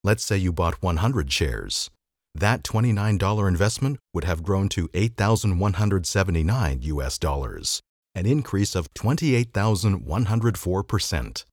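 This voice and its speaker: A man's voice: sits low, big pitch swings, normal speed, no echo. A man hosting a podcast, reading an old magazine article aloud with a dry, wry delivery. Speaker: podcast host.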